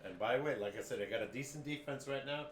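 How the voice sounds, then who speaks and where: Plain-spoken male co-host, mid-pitched, calm record-reciting delivery, roomy sound with faint noise. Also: fast. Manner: steady, plain-spoken, reels off team records. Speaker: podcast co-host, father of the other host. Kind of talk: casual sports chat.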